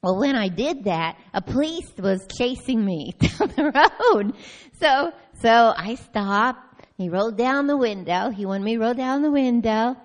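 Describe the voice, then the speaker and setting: A woman giving an animated personal testimony at a church meeting, telling her story with frequent laughter. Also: fairly high pitch, a little slow. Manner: lively storytelling, often breaks into laughter. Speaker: church member sharing a testimony.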